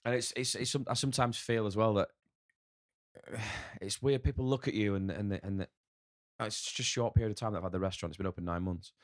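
A man's voice: fairly low pitch, steady tone, fast, no echo, studio quality. A man who runs a restaurant, talking candidly as a podcast guest and swearing casually now and then. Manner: candid, swears casually, acts out inner voices.

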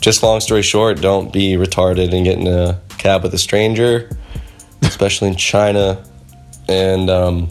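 A man's voice: low-pitched, fairly even intonation, unhurried, faint music behind. A young man, a podcast guest and pro skateboarder, telling a story casually with lots of fillers, swearing and acted-out voices. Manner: rambling, filler-heavy, swears, acts out the voices in his stories.

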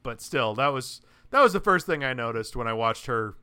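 A man's voice: mid-range voice, expressive, normal speed, pushed and bright, clear, resonant tone, dry recording. A man co-hosting a casual podcast chat, talking in a rambling way with many restarts. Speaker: podcast co-host.

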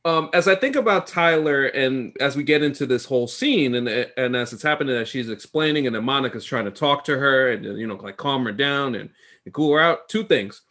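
A man's voice: mid-range voice, brisk, sharp tone. A man co-hosting a podcast in casual chat, thinking aloud as he goes. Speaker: podcast co-host.

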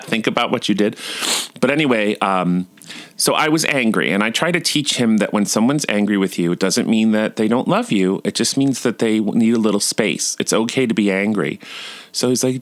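A man's voice: lowish voice, expressive, moderate pace, no room sound. A man and father telling stories in a casual vlog, chatty and self-mocking, laughing often. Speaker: vlogger and father.

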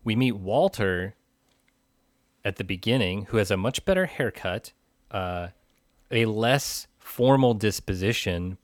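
A man's voice: deep voice, dry recording, clean studio sound. A man co-hosting a casual film discussion, thoughtful and rambling with fillers. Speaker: film podcast co-host.

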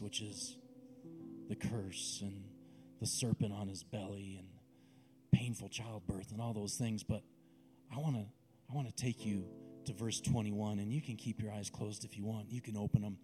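Male preacher, warm timbre, slow intimate sermon delivery, soft music under. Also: on the low side, fairly even intonation. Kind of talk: sermon with guided visualization.

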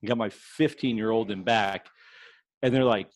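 A man co-hosting a podcast, talking in an excited, enthusiastic way. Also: fairly low pitch, normal speed, no room sound. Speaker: podcast co-host. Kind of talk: casual chat.

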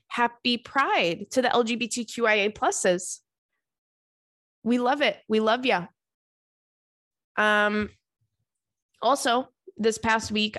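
Woman podcast host, middle pitch, chatty comic storyteller, dry close sound. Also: dry recording. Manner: animated, chatty, self-mocking. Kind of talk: casual comedic storytelling.

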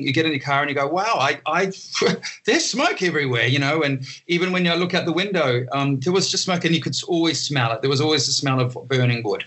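A middle-aged Australian man talking in a relaxed interview, rambling with lots of restarts and fillers. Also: fairly high pitch. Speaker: guest, entertainer. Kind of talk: casual interview talk.

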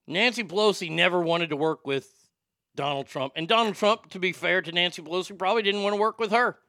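Blunt guy ranting about politics, bright voice, dry close sound. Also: sits high, brisk, no room sound. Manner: blunt, profane, opinionated. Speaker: political commentary host reading chat. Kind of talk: casual livestream commentary.

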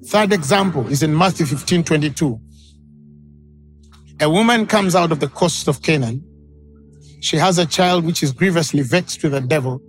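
Preaching man, dramatic and animated. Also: fairly high pitch, normal speed, long pauses, soft background music. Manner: dramatic, acts out quoted voices. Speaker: pastor. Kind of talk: sermon.

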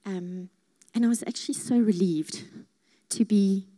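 A woman sharing a heartfelt faith testimony, earnest and at times dropping to a hushed voice. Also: medium pitch, a little slow. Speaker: speaker sharing her testimony.

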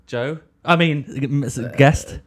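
Chatty podcast host, rambling. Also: male voice, a little high, slow pace. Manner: rambling, swears, tells anecdotes. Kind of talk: casual comic chat.

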